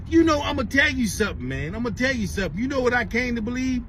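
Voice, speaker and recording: Man, high-pitched for his sex, casual profane storytelling vlog, rambling delivery, faint car noise behind. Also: fast, few pauses, low-quality recording. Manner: rambling, profane, animated retelling. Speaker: vlogger. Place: in a car on the way to work.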